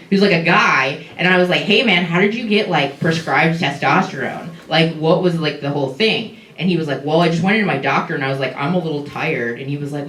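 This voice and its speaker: Young woman doing stand-up, lowish voice, rambly and giggly, echoey club caught from far off with the crowd laughing. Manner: rambling, laughs through lines, lots of fillers. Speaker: stand-up comedian. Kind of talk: stand-up set trying out jokes. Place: comedy club stage. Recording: echoey club recorded from afar, audience. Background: audience laughter.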